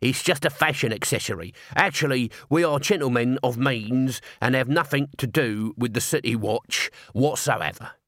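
A man's voice: medium pitch, moderate pace, hardly any pauses, a bit bright, dry recording, clean studio sound, lightly acted. A man voicing a shifty, uneasy little watchman who talks in a wheedling way in a storybook reading.

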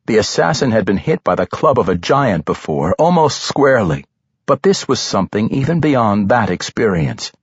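A man reading a fantasy novel aloud as an audiobook narrator, with a dramatic, expressive delivery. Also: on the low side, normal speed, breathy edge, dry recording. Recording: dry, slightly dull studio recording.

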